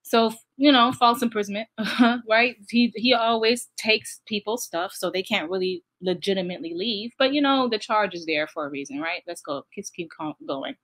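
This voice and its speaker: A woman's voice: medium pitch, moderate pace, hardly any pauses, fairly bright tone. Woman talking over a clip she's reacting to, candid and chatty, plain mid voice. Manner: candid, laughs while recounting. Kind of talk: casual reaction commentary.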